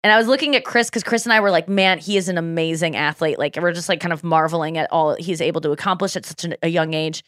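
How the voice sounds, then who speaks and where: A woman's voice: fairly low pitch, quick pace, hardly any pauses, no echo, studio quality. A woman hosting a podcast, telling stories in a casual chat and acting out the people she quotes. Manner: animated storytelling, quoting others in acted voices. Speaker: podcast host.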